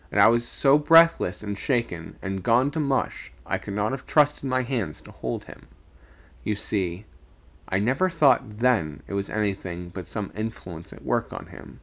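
A man reading a spooky story aloud on a live stream, raising his voice for the shouted lines. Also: lowish voice, creaky.

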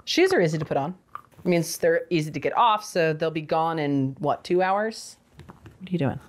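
A woman's voice: sits low, lively intonation, normal speed, noisy background. A young adult woman giving a casual toy review, with sarcastic, exasperated asides.

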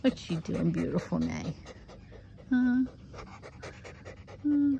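A woman's voice: big pitch swings, slow, gravelly, pauses often, slight background noise. Woman cooing baby talk to her foxes. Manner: cooing high baby talk to the animals, with soft asides. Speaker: fox rescue caretaker. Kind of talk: casual vlog talking to pet foxes. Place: outdoor fox enclosures.

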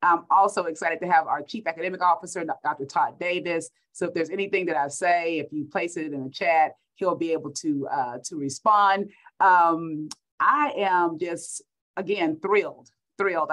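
A woman's voice: low voice, a bit bright, rough recording. A middle-aged woman from Texas with a Texan accent, a school superintendent giving an upbeat keynote speech over a video call, repeating words for emphasis.

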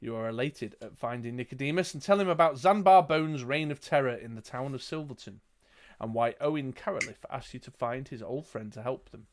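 A man narrating a gamebook as game master, with dry joking asides. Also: medium pitch. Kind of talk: reading and narrating a gamebook playthrough.

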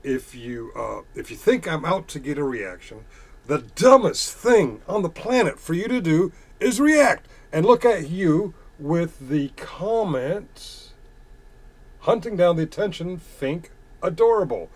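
A man with a fairly high-pitched voice rants back at his chat, reading out comments and answering with biting sarcasm. His talk is casual and full of swearing, combative and mocking. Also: expressive, slow pace. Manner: reads chat messages aloud and retorts. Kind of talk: casual ranting monologue.

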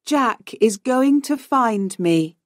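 A woman voicing a frightened but determined young woman, read slowly and clearly. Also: on the high side, animated, no room sound, studio quality. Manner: slow, clear reading.

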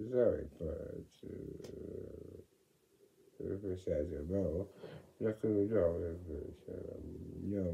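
A man reading a children's picture story aloud, swinging from loud exclamations to whispered asides. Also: on the low side, poor audio.

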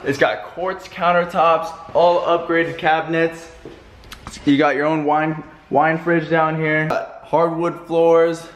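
A young man talking casually to his camera as a real estate agent, excited and rambling with restarts. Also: on the high side, slow pace. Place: outdoors and in a car, then inside a house. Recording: noisy outdoor and car ambience. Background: air conditioning and traffic noise.

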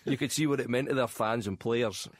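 A man co-hosting a football podcast in casual chat, wry and halting, often laughing between phrases. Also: medium pitch, no echo, clean studio sound. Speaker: podcast co-host.

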